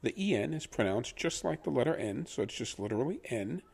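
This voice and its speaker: A man teaching pronunciation in a patient lesson, repeating each word slowly for the listener to copy. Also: medium pitch, very animated, vocal fry, a little mellow, husky. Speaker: language teacher.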